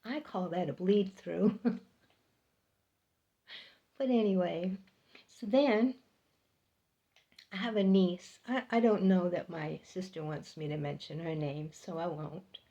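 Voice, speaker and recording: Slow-talking woman telling a personal story. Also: lowish voice, lo-fi sound. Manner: unhurried, animated when quoting, laughs between lines. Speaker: storyteller sharing personal experiences.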